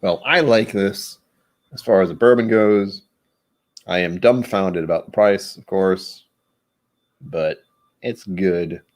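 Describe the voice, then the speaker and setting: Low-voiced and unhurried, the whiskey vlogger pauses often as he chats his way through a casual tasting. He wanders off topic, jokes at his own expense, and fumbles words while reading aloud.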